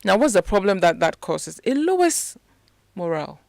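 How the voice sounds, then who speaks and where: Woman, leadership speaker on a radio show, mid-pitched, explains like a teacher. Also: sing-song, moderate pace, creaky, darkish tone, no echo, clean studio sound. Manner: teaching, asks rhetorical questions. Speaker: leadership and communication strategist, guest. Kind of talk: radio interview, explaining to a host. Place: radio studio.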